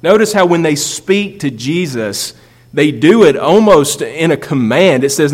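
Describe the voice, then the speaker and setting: Guy preaching a sermon, kinda high voice, big hall reverb on it. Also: lively intonation, a little slow. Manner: preaching with rising emphasis and rhetorical questions. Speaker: pastor. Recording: long reverb of a large hall.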